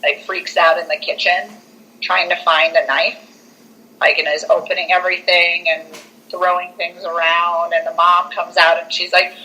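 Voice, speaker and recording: On this low-quality podcast recording, a young female co-host excitedly walks through a movie's storyline at a moderate pace. Her pitch is fairly low, and she leans heavily on "like" while performing the quotes herself.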